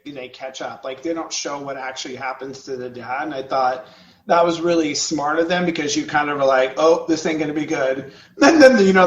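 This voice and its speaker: A man chatting as co-host of a casual podcast, lively and quick to act out quoted voices. His voice sits a little high for a man. The sound is dull and lo-fi, with a roomy echo. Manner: animated, acts out quotes. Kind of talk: casual chat.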